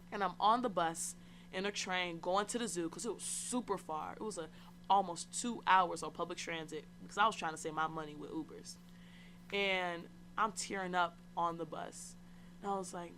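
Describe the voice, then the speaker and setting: A woman's voice: lowish voice, normal speed, a bit bright, a little hiss or hum. Chatty young woman telling a story. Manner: chatty, slangy, candid, addresses listeners directly. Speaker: podcast host. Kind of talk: casual solo storytelling.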